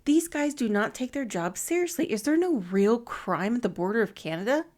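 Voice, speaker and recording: A woman's voice: fairly high pitch, lively intonation, normal speed, a little mellow. A woman co-hosting a podcast in casual chat, talkative, teasing and skeptical. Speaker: podcast co-host.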